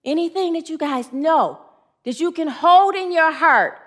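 High-voiced woman preaching a sermon. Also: animated, measured pace, fairly bright tone. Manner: earnest, invites call and response. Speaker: pastor.

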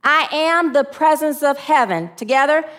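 A woman giving a personal testimony sermon, emotional, swinging from excited high lines to hushed low ones, and preaching to her listeners. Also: normal speed. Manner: preachy, asks audience to answer. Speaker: spiritual speaker.

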